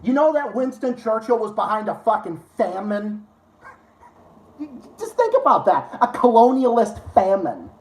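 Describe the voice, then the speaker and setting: A man's voice: sits high, sing-song, measured pace. A man hosting a live stream, ranting to his chat with heavy swearing and sarcasm. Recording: roomy echo.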